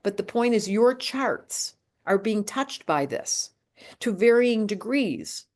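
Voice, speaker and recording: A woman in her late sixties, talking in a casual chat as an astrologer, animated and emphatic, often breaking off and restarting her sentences. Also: mid-range voice, takes it slowly. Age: 60s.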